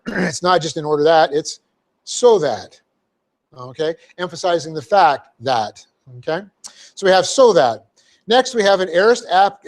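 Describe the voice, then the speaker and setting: Man, pastor, bible teaching, slightly high voice, methodical, spells words out, says "okay?" often. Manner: frequent fillers and "okay?" check-ins. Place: church sanctuary.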